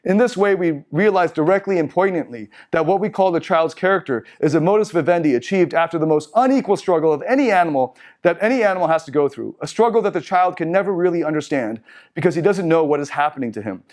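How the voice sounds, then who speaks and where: A man leads a seminar in a meeting room, presenting slides to a group. He reads passages out and then talks casually about them with side remarks, his slightly high, slightly mellow voice animated and quick.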